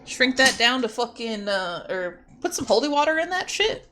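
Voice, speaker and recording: A woman's voice: a little high, very animated, normal speed, sharp tone, slight background noise. A young woman chatting casually while she draws on stream. She giggles and swears freely. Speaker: streamer and artist.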